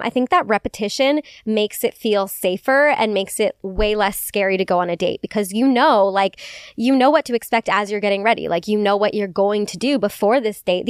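A woman's voice: mid-range voice, clean tone, no room sound, clean studio sound. A woman hosting a casual podcast, bubbly and gushing, saying "like" a lot. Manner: bubbly, gushing, heavy use of "like". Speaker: podcast host.

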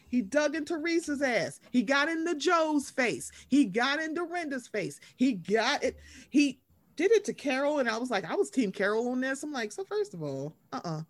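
A woman in a casual chat. Her pitch sits a little high and swings widely as she talks. She speaks emphatically and slips into acting out what others said. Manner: emphatic, animated, acts out quotes, Southern US slang. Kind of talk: casual chat about reality TV.

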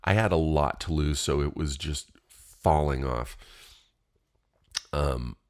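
A man's voice: rumbling low, slow. A man telling a rambling personal story in a casual, profane way, with many fillers.

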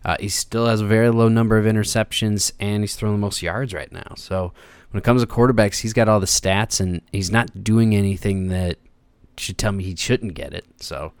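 A man's voice: lowish voice, fairly quick, smooth, dry recording. A man hosting a sports podcast in easygoing casual chat, laughing often. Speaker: podcast host.

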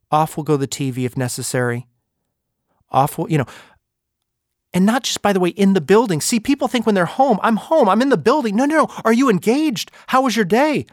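A man's voice: on the high side, no echo, studio quality. A man hosting a podcast, giving an emphatic motivational talk full of rhetorical questions. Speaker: podcast host and speaker.

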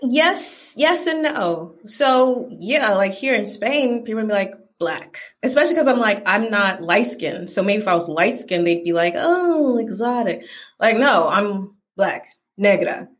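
A woman's voice: medium pitch, moderate pace. A woman from the American South with a Southern accent, chatting casually as a podcast guest and acting out the people in her stories. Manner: animated storyteller who acts out quoted people. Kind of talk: casual conversation.

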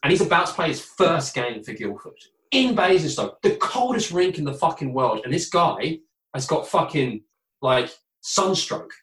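A man's voice: on the high side, very animated, moderate pace, fairly bright tone, roomy sound, rough recording. A man telling sports anecdotes in a casual, swearing, laid-back way. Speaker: former ice hockey player, podcast guest. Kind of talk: casual storytelling chat.

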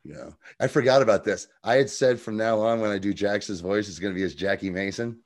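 A man's voice: lowish voice, fairly quick. Giggly man recapping TV episodes. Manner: laughs often, acts out lines from the show. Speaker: podcast co-host. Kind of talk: casual TV recap chat.

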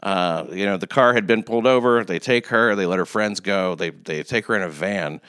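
A man's voice: sits low, moderate pace, fairly bright tone, smooth, no room sound. A man hosting a podcast interview, laid-back and crude, talking with lots of fillers into a close mic. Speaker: podcast host.

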